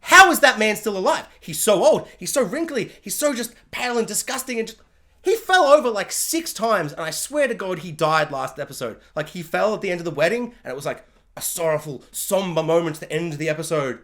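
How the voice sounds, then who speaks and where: A woman giving a casual, joking spoiler review of a TV episode, animated and quick to act out characters in little voices. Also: fairly low pitch.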